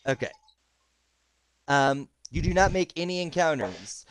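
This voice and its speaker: A man's voice: on the high side, sing-song, unhurried, no echo. A man narrating a tabletop game as game master over a voice chat, hesitant with many ums. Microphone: voice chat call.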